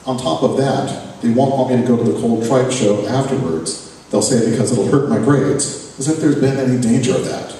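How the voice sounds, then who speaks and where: A man reads his own fiction aloud in a sardonic, profane first-person voice with a dark, mellow tone. He is caught from a distance in a big echoey hall, with a faint murmur of room ambience behind him. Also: mid-range voice, normal speed, a little hiss or hum. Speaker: author reading his fiction. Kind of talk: live fiction reading. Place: reading event venue, hall.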